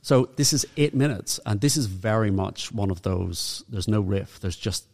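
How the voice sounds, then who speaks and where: A man's voice: fairly low pitch, moderate pace, vocal fry, darkish tone, big-room sound. A man with a Northern Irish accent co-hosting a podcast, chatting casually and reeling off dates and facts. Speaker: podcast co-host. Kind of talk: casual chat.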